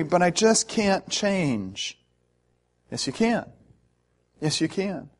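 Male pastor, sermon delivery, earnest and emphatic, somewhat high-pitched, natural fillers.

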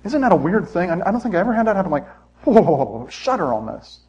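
A man's voice: high-pitched, animated, very fast, darkish tone, dull audio, a little hiss or hum. A man preaching a sermon in church, conversational and self-deprecating, with frequent asides to the congregation. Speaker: pastor.

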